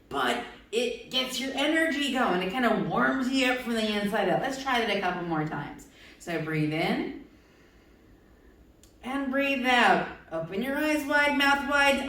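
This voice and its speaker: A woman with a high voice leads children through a yoga routine, cheerful and encouraging as she asks how they feel. She stands back from the microphone, and her words ring through a strongly echoing room. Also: lively intonation, measured pace, a bit bright. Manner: cheerful, encouraging, coaxing questions to kids. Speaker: kids' yoga instructor. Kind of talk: guided yoga instruction for children. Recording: very echoey room, far from mic.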